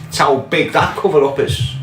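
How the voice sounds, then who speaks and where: A man's voice: fairly high pitch, normal speed, reverberant, music in the background, low-quality recording. A man with a Scouse accent, ranting angrily in a monologue and swearing as he fires off pointed questions. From Liverpool, England. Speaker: podcast host. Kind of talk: impassioned monologue.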